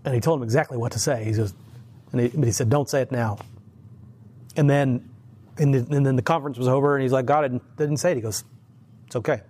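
A man's voice: medium pitch, quick pace, long pauses, a little mellow, husky. Brief: man preaching informally, chatty storyteller, chuckles often, restarts sentences, mid-range voice. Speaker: lay preacher. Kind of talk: informal sermon.

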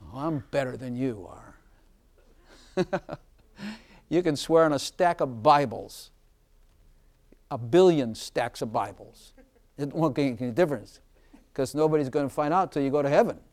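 A man preaching an informal sermon, chatty and often laughing, slowing down to stress scripture lines. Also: on the high side, a little mellow.

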